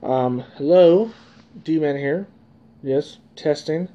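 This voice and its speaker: A man's voice: a little high, moderate pace, darkish tone, lo-fi sound. Rambling young man with a cheap mic. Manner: rambling and self-conscious, with frequent fillers and small laughs. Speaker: vlogger. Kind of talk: casual vlog, testing a microphone. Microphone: cheap karaoke microphone plugged into a cell phone.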